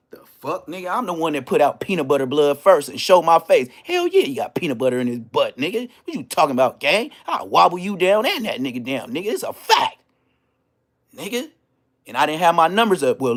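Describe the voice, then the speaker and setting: A man from Inglewood, telling a slang-heavy story in a casual, animated rant. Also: a little high, brisk. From Inglewood, Los Angeles. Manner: animated, slang-heavy, bursts into loud exclamations.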